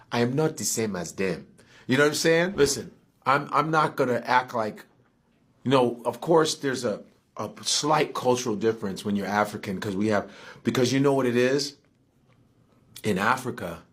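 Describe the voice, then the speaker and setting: A man's voice: mid-range voice, fairly bright tone, slightly rough. A man born in the United States, talking in a heated, profane, casual way and firing rhetorical questions at the person he is talking to.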